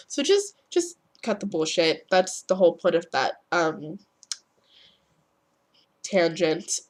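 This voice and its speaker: A woman's voice: lowish voice, animated, measured pace. Teen girl vlogger with a cold, rambling, swearing, acting out inner thoughts, casual advice. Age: teens. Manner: rambling, swears freely, acts out quoted thoughts. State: sick, voice affected by a cold.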